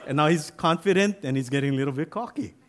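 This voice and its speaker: A man's voice: on the high side, fast, a faint crowd. A man giving a sermon as pastor, telling a story with asides and restarts.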